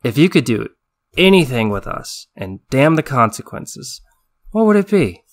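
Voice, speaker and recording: A man's voice: mid-range voice, measured pace, pitched above the performer's own voice. A man doing a weary, blunt war veteran. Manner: flat, blunt and insistent. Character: weary suicidal male army veteran.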